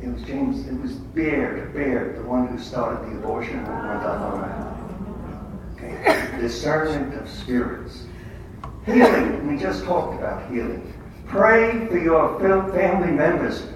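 A man's voice: on the high side, animated, measured pace. Man preaching in an echoey room. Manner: conversational storyteller with blunt humor. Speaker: lay speaker at a faith gathering. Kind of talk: testimony-style religious talk. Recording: echoey room from far off, faint noise.

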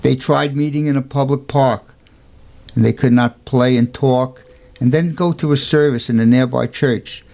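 This storyteller recounts a saint's life, his gravelly, mellow voice moving at a moderate pace with fairly even intonation. He's casual yet earnest, leaning on emphatic rhetorical questions and lifting his pitch whenever he quotes someone.

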